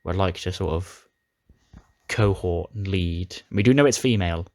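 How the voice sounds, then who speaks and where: A man's voice: low voice, measured pace, darkish tone, no room sound, studio quality. A man casually recapping his playthrough of a wrestling sim game, retelling storylines with dramatic flair. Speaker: gaming YouTuber.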